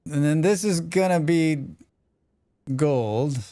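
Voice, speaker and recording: A man's voice: a little high, slow, dark tone, no echo, studio quality. A man streaming a game live, chatting casually with viewers and talking to himself as he plays, rambling and swearing freely. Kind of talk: casual live-stream chat while playing.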